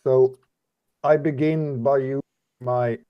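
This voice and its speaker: A man's voice: mid-range voice, steady tone, slow, clear, resonant tone, no room sound. Hesitant man on a dull, lo-fi line. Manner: hesitant, thinking aloud. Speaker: player. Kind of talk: casual tabletop play.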